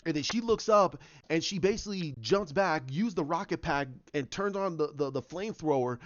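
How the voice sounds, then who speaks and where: A man with a somewhat high voice rambles through a casual retelling and stops often to find his words. The recording is dry and a little muffled. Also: animated, no room sound. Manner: rambling, halting storyteller. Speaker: YouTuber.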